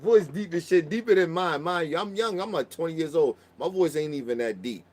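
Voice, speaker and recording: A man's voice: fairly high pitch, expressive, fairly quick, a little mellow. A man telling a long story in casual chat, profane and rambling, often restarting his sentences. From Baltimore.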